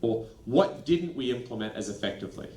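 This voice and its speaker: A man presenting a lively workshop to school leaders, animated and acting out quick snippets of dialogue. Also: medium pitch. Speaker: education consultant presenting a workshop. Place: training venue. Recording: echoey room.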